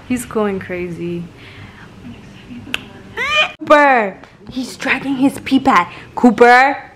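A woman's voice: medium pitch, poor audio. A woman vlogging casually at home, out of breath, chatting and calling to a puppy, dropping in Spanish words. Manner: playful, mixes in Spanish words, coos at a puppy. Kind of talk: casual vlog chat. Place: home indoors.

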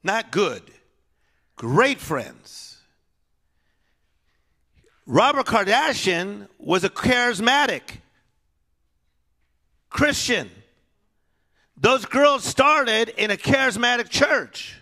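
Guy preaching, bright sharp tone, slow deliberate pace, goes from big and loud to hushed, piano under it. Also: extremely high pitch, big pitch swings. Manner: swings between loud exhortation and hushed storytelling. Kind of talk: sermon. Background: soft piano music.

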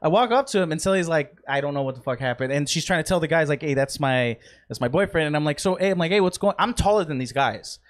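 Young male podcast co-host, high voice, rambling profane storyteller. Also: animated, quick pace. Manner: rambling, profane anecdote-telling with laughs. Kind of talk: casual chat, storytelling.

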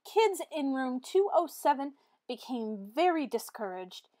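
A woman teacher reading a picture book aloud to children in an expressive, animated way. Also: sits high, measured pace. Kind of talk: read-aloud storytelling.

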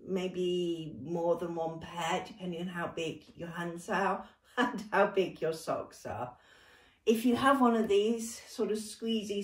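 Warm and encouraging, a young British dance and movement workshop leader guides a gentle, slow-paced exercise session and laughs readily. Her voice is mid-range, and because the mic is some way off, it echoes around the room.

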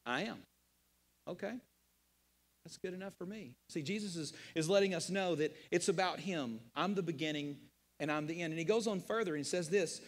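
A man's voice: sits high, in a large hall. A man preaching a sermon as pastor, emphatic and rhetorical, repeating key phrases and asking questions of his listeners. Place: church sanctuary.

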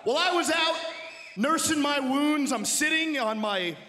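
A man's voice: extremely high pitch, animated, unhurried. A man from Long Island, New York, cutting a boastful, mocking wrestling promo into a handheld mic in a large indoor arena. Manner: boastful, mocking trash talk. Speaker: pro wrestler. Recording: echoey arena hall with loud crowd.

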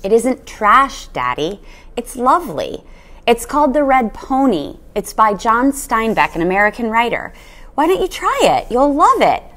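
Matilda, a woman doing a bright little girl. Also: fairly high pitch, big pitch swings, normal speed, pitched above the performer's own voice. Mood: pleading. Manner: bright and pleading. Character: clever polite little girl, earnest.

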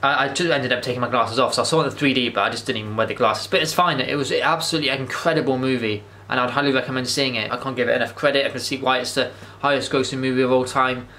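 Guy vlogging, gushing and rambling, talks fast, bright tense tone. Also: mid-range voice, steady tone. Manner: rambling and enthusiastic, with frequent restarts and swearing. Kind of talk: casual movie review monologue.

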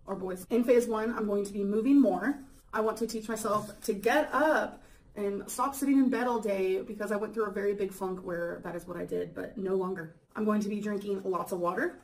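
A woman vlogging casually to camera, chatty and excitable with frequent giggles. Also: medium pitch, a little fast, rough recording.

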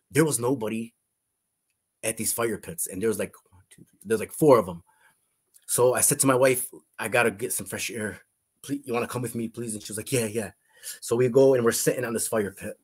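A middle-aged man with a husky, breathy voice recounts a personal testimony. He speaks earnestly, circling back on his words and restarting sentences as he goes. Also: medium pitch. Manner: earnest, repeats himself, frequent restarts. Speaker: guest sharing a testimony.

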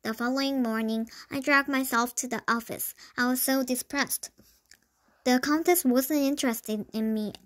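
A woman's voice: sits high, steady tone, normal speed. A young woman reading a children's book aloud, often tripping over words and restarting them. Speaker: storybook reader.

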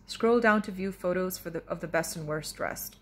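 A woman author reading her own novel in the first person, with expressive, wry narration. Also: on the low side, moderate pace.

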